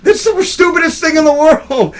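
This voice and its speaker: A young man with a high voice hosts a loose, crude comedic news segment. He rambles irreverently and breaks into laughter often. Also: normal speed, fairly bright tone. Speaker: host of a live web talk show.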